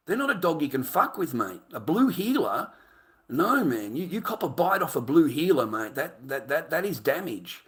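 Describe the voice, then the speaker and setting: An Australian man ranting to camera, profane and heated, with loud outbursts. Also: on the high side, sing-song, normal speed. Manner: heated, swearing, loud bursts with laughs. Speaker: vlogger.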